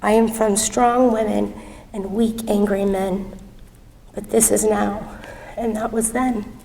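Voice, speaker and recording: A woman's voice: medium pitch, little pitch movement, creaky, dark tone. A woman reading a spoken-word poem in an earnest way. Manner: slow, earnest delivery. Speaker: student poet. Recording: distant mic in a reverberant hall.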